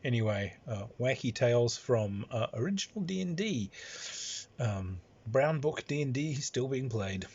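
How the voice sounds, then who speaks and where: A man's voice: mid-range voice, animated, a little slow, darkish tone, breathy edge. A man who is a game master telling a game anecdote in a rambling way, with many fillers and chuckles. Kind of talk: anecdotal storytelling. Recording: dull lo-fi recording.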